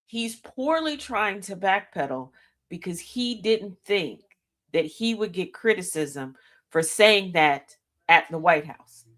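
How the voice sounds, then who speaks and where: A woman's voice: medium pitch, lively intonation, slow, fairly bright tone. Emphatic woman radio host. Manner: emphatic, addresses listeners directly with rhetorical questions; repeats key lines for emphasis. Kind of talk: opinionated commentary monologue.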